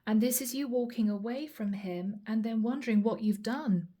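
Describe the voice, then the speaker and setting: A woman's voice: fairly high pitch, moderate pace, mellow. A woman reading tarot cards to camera in a chatty way, calling her viewers guys. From Europe. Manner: chatty, addresses viewers as guys, acts out quoted lines. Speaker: tarot reader.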